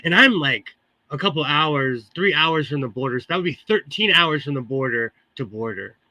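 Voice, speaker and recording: A man's voice: on the high side, expressive, moderate pace, bright, forceful tone, no room sound, muffled recording. A Californian man hosting a live sewing stream, chatting casually with viewers and laughing often between remarks. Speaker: livestream host. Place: home sewing room.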